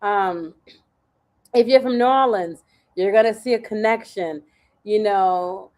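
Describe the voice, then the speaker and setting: A woman's voice: medium pitch, a little slow, a little mellow. A middle-aged woman from Haiti, hosting a casual livestream chat in a folksy, chatty way. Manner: chatty, folksy, uses y'all. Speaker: retreat host.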